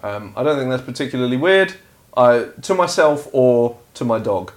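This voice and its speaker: A man's voice: medium pitch, expressive, moderate pace. A man from Scotland with a posh-sounding voice, co-hosting a casual podcast chat in a wry, argumentative way. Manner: wry, argumentative, laughs often. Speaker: podcast co-host. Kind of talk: casual banter.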